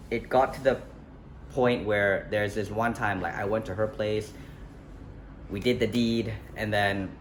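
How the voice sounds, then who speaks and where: A young man tells a personal story in a loose, casual vlog style. His voice sits on the low side, and he rambles, backtracks and leans on fillers. Faint outdoor ambience hums behind him. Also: a bit bright. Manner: rambling, self-correcting, many fillers and "like". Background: faint street ambience, passing traffic.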